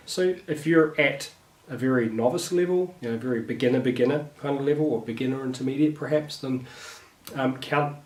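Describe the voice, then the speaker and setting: A man giving a relaxed guitar lesson, talking through finger positions with a few fillers. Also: mid-range voice, brisk. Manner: relaxed, thinks aloud with fillers. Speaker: guitar teacher. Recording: roomy with guitar playing. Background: guitar playing.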